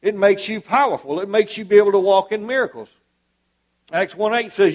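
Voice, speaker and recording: A man's voice: high-pitched, fairly quick, darkish tone, muffled recording. A man preaching a sermon to a church congregation, fervent and emphatic, repeating his points for weight.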